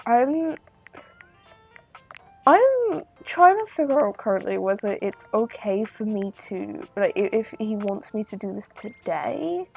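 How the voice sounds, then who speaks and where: Slow-talking teasing woman streamer. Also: medium pitch, big pitch swings, gravelly, a little mellow, soft background music. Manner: joking, teasing, crude. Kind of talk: casual gameplay commentary.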